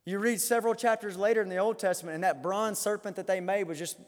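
A man preaching a sermon as pastor, impassioned, swinging from loud declarations to quiet asides and often repeating words. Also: high voice, steady tone, quick pace. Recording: reverberant hall.

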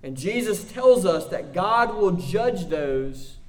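A pastor delivers a sermon in a notably high voice. He speaks slowly and deliberately, rising now and then to emphatic, forceful peaks. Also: lively intonation.

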